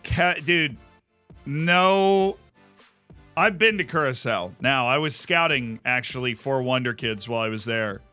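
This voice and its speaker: A man's voice: mid-range voice, a little slow, pushed and bright, clean tone, faint music behind. A man from Florida giving casual, enthusiastic commentary while streaming a game. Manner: chatty, enthusiastic, jokey asides.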